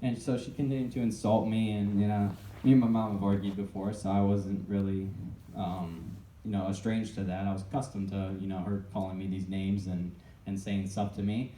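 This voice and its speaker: Telling his own testimony before a live crowd, a young man keeps stopping and beginning his sentences again. His voice is low and very dark with little pitch movement. The mic seems far off in a reverberant room, and there's slight background noise.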